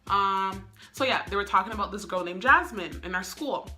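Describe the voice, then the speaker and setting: A woman's voice: medium pitch, moderate pace, pushed and bright, soft background music. A young woman telling a casual storytime, chatty and full of "like" and "um.". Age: young adult. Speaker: vlogger.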